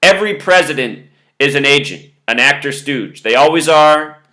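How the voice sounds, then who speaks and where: Male host delivering a step-by-step lecture to camera; bright, sharp voice. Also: a little high, expressive, normal speed. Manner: lecturing, spelling out numbers step by step. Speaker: video host. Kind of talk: monologue commentary to camera.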